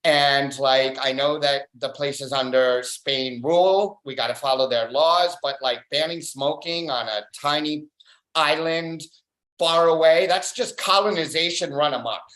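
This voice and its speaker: An open mic stand-up comedian doing a dry, deadpan set on a club stage, pausing often on fillers. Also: medium pitch. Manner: deadpan, dry one-liners with filler pauses. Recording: roomy club echo.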